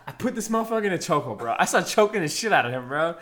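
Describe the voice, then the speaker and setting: A man's voice: fairly high pitch, animated, rapid-fire, fairly bright tone. A young man in his twenties telling a rowdy story in casual chat, full of slang and swearing. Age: 20s.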